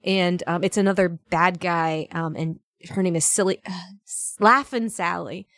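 A young woman, a voice actress, chatting casually on a podcast and telling stories in a lively, animated way. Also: lowish voice, unhurried, no echo, clean studio sound. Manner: chatty, animated storytelling with laughs. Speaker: voice actress, guest.

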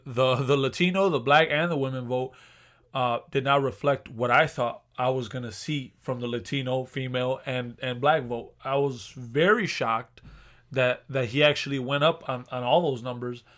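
Guy co-hosting a podcast, rambly and loose, swears a lot, mid pitch. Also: moderate pace, a bit bright. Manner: rambling, frequent restarts and swearing. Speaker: podcast co-host. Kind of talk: casual chat.

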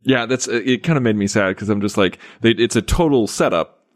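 A man co-hosting a podcast in casual chat, talking haltingly with many restarts. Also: fairly low pitch, no echo, studio quality. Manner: hesitant, many restarts and stammers. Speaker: podcast co-host.

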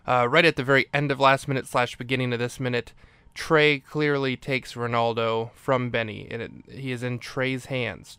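A man's voice: mid-range voice, fairly bright tone, smooth, no echo. A man hosting a podcast, recapping a movie in a casual, rambling way, often correcting himself. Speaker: podcast host.

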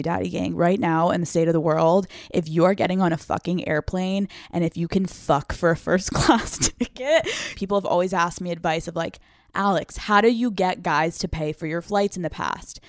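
A young adult woman hosting a casual solo podcast, brash and profane, talking fast and loose. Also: fairly low pitch, no echo, studio quality. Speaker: podcast host. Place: restaurant brunch. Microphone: phone.

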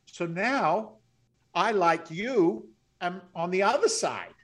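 A middle-aged man, a podcast guest, telling stories in a blunt, salty, animated way. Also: high-pitched, slow pace. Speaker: podcast guest, real estate investor. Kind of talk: storytelling interview.

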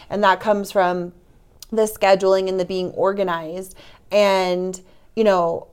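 A woman co-hosting a podcast, chatting in an upbeat, conversational way. Her voice is smooth and clear, at an ordinary middle pitch. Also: little pitch movement, a little slow. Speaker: podcast co-host. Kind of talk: casual chat.

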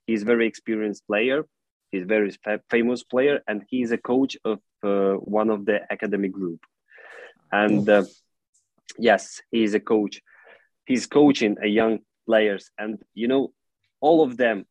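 A man, an English speaker, answering interview questions in an earnest, halting way with frequent "you know" fillers. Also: lowish voice, darkish tone, dry recording, rough recording. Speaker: football club director, guest.

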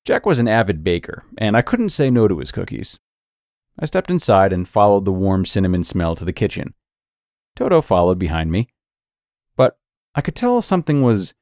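Male horror story narrator, low voice, gravelly, measured and suspenseful, dry close sound. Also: a little mellow, no echo.

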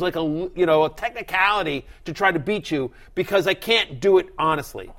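A middle-aged man hosting a fantasy football show, talking in an emphatic, animated way and acting out other people's voices. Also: a little high, fairly quick, few pauses. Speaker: fantasy football analyst host. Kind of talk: casual sports talk.

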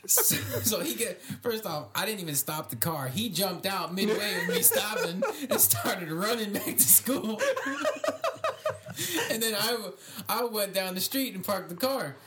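A man's voice: sits high, big pitch swings, measured pace, over a noisy crowd. A young man on a podcast, telling a story in casual chat and laughing often as he goes. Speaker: podcast co-host.

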